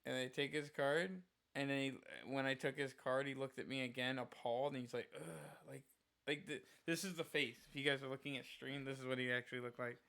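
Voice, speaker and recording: A man streaming live rambles through a rant in a bright, sharp voice. His tone is crisp and clear, and his talk is casual and profane, laced with constant "like" fillers. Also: mid-range voice, steady tone, a little fast.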